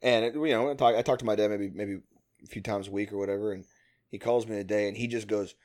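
A man's voice: fairly low pitch, fairly even intonation, quick pace, darkish tone. A man in casual chat, telling long rambling stories full of swearing and frequent laughter.

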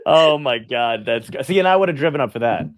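A man's voice: medium pitch, expressive, fast, no echo. A male stand-up comedian from Brooklyn telling stories in a casual, profane chat and acting out the voices of people he quotes. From Brooklyn, New York; grew up in New Jersey. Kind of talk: casual podcast chat, storytelling.

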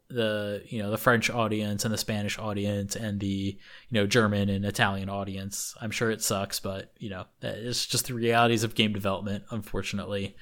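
A man's voice: on the low side, fairly bright tone. A man hosting a casual podcast chat, talking loosely with lots of fillers and restarts. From English-speaking country. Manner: rambling with frequent fillers and restarts. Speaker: podcast host.

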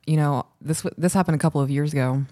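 A woman's voice: low-pitched, fast talker, dark tone, no room sound, clean studio sound. A woman co-hosting a casual podcast, telling a personal story candidly and with some swearing. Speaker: podcast co-host.

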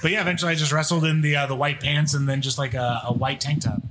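A former wrestler, appearing as a radio guest, chats casually, swearing a lot and laughing as he tells stories. His voice is fairly high with a steady tone and quick pace, and there's background noise.

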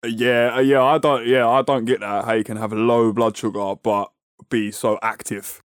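On a personal microphone with a dry, clean studio sound, a podcast co-host speaks in a steady, medium-pitched voice at normal speed. He keeps the casual chat going, making fun of himself and throwing in "bruv" and "innit."

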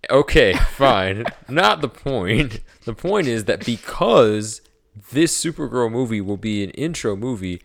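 A man's voice: medium pitch, very animated, a little slow, vocal fry. A man co-hosting a podcast in casual chat, explaining his points patiently and laughing often. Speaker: podcast co-host.

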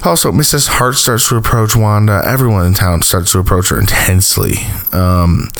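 A man's voice: lowish voice, moderate pace. A man casually recapping a TV episode, rambling with lots of fillers and small chuckles. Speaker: TV recap host.

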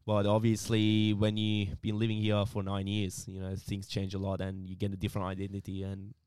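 Friendly Iranian-born man, smooth voice. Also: fairly low pitch, monotone, fairly quick, a little mellow, no echo, studio quality. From Iran. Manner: friendly, laughs easily, restarts words. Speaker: podcast co-host. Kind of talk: casual chat.

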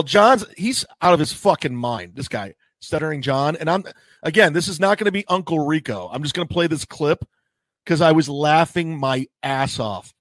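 A man's voice: on the high side, a bit bright, no room sound. A man talking casually on a live stream in a crude, giggly way, often breaking into laughter. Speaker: streamer in a played clip.

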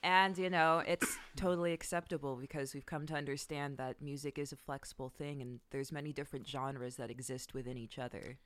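A woman's voice: extremely low pitch, steady tone, a little fast, few pauses. A woman co-hosting a casual podcast, talking bluntly and swearing offhandedly. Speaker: podcast co-host.

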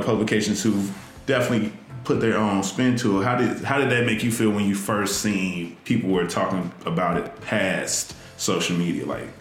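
Deep-voiced man hosting a loose interview. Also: reverberant. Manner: rambling, searching for words. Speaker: podcast host. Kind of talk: casual interview.

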